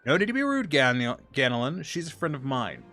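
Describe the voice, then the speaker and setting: A man voicing a pompous, theatrical gentleman inspector in a game read-along, with a raised voice. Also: medium pitch, big pitch swings, brisk, soft background music. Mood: grandiose. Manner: theatrical, grandiose.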